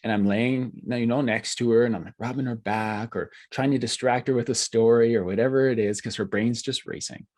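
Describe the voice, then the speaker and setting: A man's voice: medium pitch, fairly even intonation, a little mellow. A man hosting a podcast, chatting with enthusiasm and agreeing often. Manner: enthusiastic, quick affirmations. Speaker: podcast host. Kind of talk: casual conversation.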